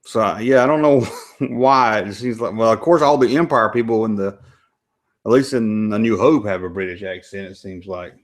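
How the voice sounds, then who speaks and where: This man speaks at normal speed in a fairly low pitch, with a Southern American accent. As host of a casual live stream, he rambles and chats through his reactions to a movie.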